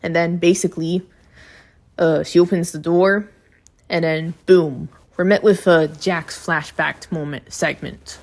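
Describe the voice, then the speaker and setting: Woman chatting through an episode review, kinda low voice, blunt and swears a lot. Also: fairly even intonation, measured pace. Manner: chatty recap, blunt and profane reactions. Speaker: video reviewer.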